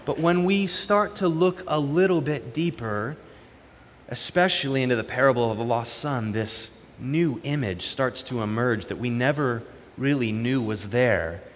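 A man's voice: mid-range voice, a little slow, in a large hall, slight background noise. A man preaching a sermon as pastor, moving between earnest prayer and conversational storytelling.

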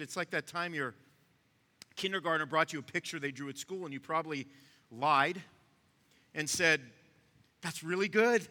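A man's voice: on the high side, sharp tone, long reverb tail. A man preaching a sermon in a conversational way, talking straight to his listeners. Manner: conversational, asks the room to follow along. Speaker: pastor.

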